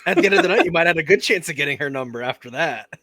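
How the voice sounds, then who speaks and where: A man's voice: fairly high pitch, expressive, rapid-fire, sharp tone. A man co-hosting a podcast in casual chat, giving short amused reactions to his co-host's story. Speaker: podcast co-host.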